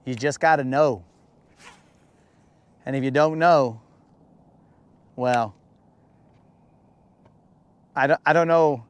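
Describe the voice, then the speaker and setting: A man hosting a casual fishing podcast, talking in a lively, slangy way and acting out the voices he quotes. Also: mid-range voice, clean tone. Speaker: podcast host. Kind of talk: casual chat. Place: boat on a lake.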